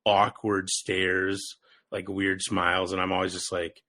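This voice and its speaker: A man's voice: sits low, level tone, a little slow, sharp tone, no echo. A man hosting a wrestling podcast, talking casually with lots of "like" and frequent laughter. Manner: rambling, heavy use of "like", laughs often.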